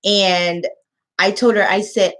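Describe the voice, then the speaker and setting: A woman who tutors English online tells a story to camera in a casual chat, speaking slowly in a steady, mid-range voice. Her storytelling is emotional, and she acts out the quotes.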